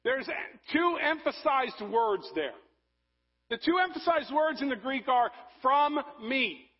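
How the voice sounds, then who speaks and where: A man preaching a sermon, rising to loud emphasis and dropping to soft, low passages. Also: lively intonation, takes it slowly, highs cut off. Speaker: pastor.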